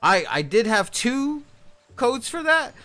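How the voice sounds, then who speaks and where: A man's voice: extremely high pitch, sing-song, takes it slowly, sharp tone. A man streaming a video game, chatting casually with viewers in a hesitant, rambling way. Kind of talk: casual live-stream chat.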